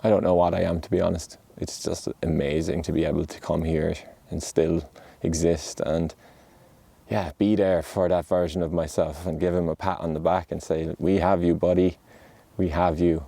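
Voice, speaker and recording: A man giving a heartfelt, motivational monologue outdoors on a mountainside. He speaks in an earnest, gentle and reassuring way. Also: low voice, level tone, moderate pace, vocal fry, husky, no room sound. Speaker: podcast host.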